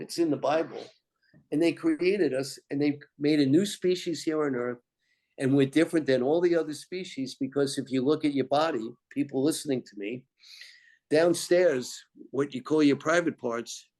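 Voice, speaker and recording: Male guest, higher voice, meandering spiritual storyteller. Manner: meandering, animated, tangential.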